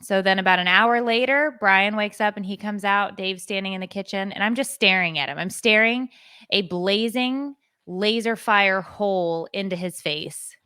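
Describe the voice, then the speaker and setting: A woman's voice: mid-range voice, moderate pace, smooth, no room sound, clean studio sound. A woman co-hosting a parenting podcast, telling a story in casual chat and acting out what others said. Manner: animated storytelling, acting out quoted voices. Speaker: podcast co-host.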